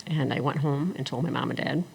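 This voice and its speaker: A middle-aged woman telling her story as an interview guest, animated and acting out the people she quotes. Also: a bass voice, brisk, gravelly, breathy edge. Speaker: guest, attorney and former engineer.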